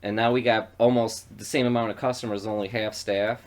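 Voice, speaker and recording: A podcast co-host from western New York tells stories in a loose, cursing, animated way. His voice sits a little low for a man. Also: fairly quick. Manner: profane, animated storyteller. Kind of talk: casual storytelling chat.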